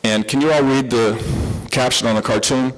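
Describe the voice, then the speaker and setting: A middle-aged man with a Southern American accent lectures to a conference audience at a medium pitch. He keeps it conversational, with fillers and restarts as he goes. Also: steady tone, moderate pace, poor audio. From southern United States. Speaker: conference speaker.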